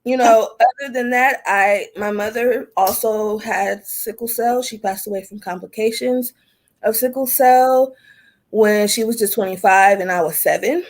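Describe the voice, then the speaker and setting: A woman's voice: on the high side, unhurried. A woman in her thirties hosting a casual group video call, playful and teasing as she introduces herself. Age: 30s. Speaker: host and advocate.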